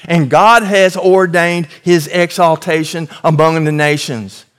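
Earnest male preacher with a fairly high voice. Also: steady tone, unhurried, fairly bright tone, clean tone. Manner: earnest, emphatic, varying volume for emphasis. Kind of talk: sermon.

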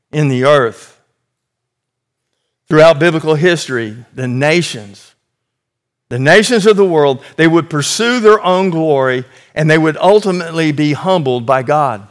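Male preacher, sermon, earnest, emphatic, fairly high voice. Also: a little slow.

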